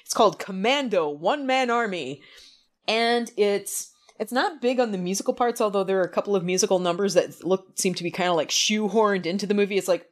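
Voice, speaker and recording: A woman's voice: medium pitch, brisk. Podcast co-host: woman, casual, enthusiastic, laughs a lot. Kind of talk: casual chat.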